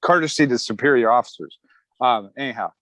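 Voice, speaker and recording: This middle-aged man, an Army veteran, speaks fairly quickly in a mid-range voice, recounting his experiences casually for an interview. He's relaxed and chuckles while voicing other people's lines, captured in a dry, poor-quality recording.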